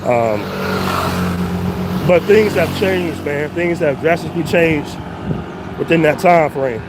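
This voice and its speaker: Out-of-breath man on a walking livestream, slightly high voice, phone mic outdoors with wind and traffic noise. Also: slow pace. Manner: walking uphill while talking. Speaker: travel vlogger. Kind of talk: casual live-stream vlog. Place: outdoors on city streets. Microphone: phone mic, no headphones. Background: traffic and street ambience.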